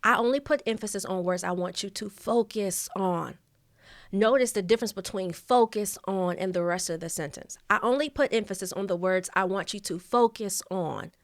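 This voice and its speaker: A woman teaching a vocal coaching lesson, speaking deliberately, stressing key words and pausing between them. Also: medium pitch, no echo, clean studio sound.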